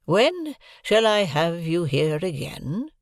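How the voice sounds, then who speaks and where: A man voicing a brooding, imperious old woman recluse in an audiobook, drawing out each word slowly and commandingly. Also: sits high, big pitch swings, dry recording, studio quality, pitched above the performer's own voice, exaggerated voice. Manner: slow, drawn-out, commanding speech.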